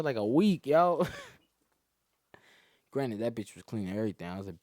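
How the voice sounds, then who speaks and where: A man's voice: mid-range voice, sing-song, moderate pace, long pauses, a little mellow, dry recording, clean studio sound. A young man, a comedian telling crude, boastful stories full of slang and laughing at his own jokes. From Atlanta area, Georgia. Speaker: comedian guest. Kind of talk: crude storytelling.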